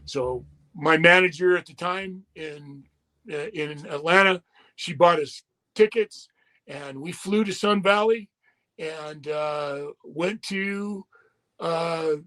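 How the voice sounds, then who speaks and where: This guest is an older retired wrestler and musician whose voice is on the high side, slow, bright and forceful. During a casual interview he delivers lengthy, profane anecdotes, acting out everyone he quotes.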